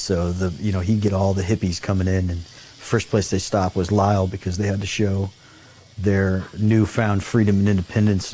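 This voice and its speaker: Lively storytelling man, low voice. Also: a little hiss or hum. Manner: animated anecdote-telling, acts out quoted voices, laughs often. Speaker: show host. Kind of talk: casual storytelling chat.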